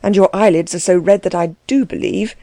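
A woman voicing a calm, dryly ironic gentleman in an audiobook, measured and unruffled. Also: fairly low pitch, dry recording, lightly acted. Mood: kind. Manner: measured, unruffled, dry irony. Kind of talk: audiobook character reading.

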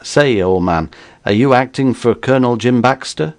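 A man's voice: medium pitch, moderate pace, no echo, voice pushed up, close to an everyday voice. A man voicing a nervous, talkative escaped convict with an uneasy, slangy way of talking. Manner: uneasy, folksy drawl with slang.

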